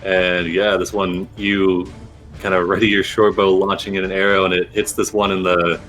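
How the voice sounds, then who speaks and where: A man narrating as game master of a tabletop role-playing game, in a relaxed, chatty way. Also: deep voice, normal speed, soft background music.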